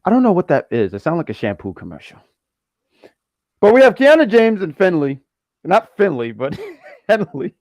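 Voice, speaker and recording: A man's voice: high voice, sing-song, moderate pace, long pauses, darkish tone, no room sound, clean studio sound. A man co-hosting a wrestling review show, joking and rambling in casual chat.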